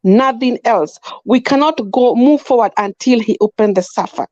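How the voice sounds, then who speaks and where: A woman's voice: on the high side, moderate pace, warm tone, no echo, dull audio. A Kenyan woman giving impassioned political opinions as a panel guest, talking emphatically and repeating herself. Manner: emphatic, repetitive, mixes in Swahili.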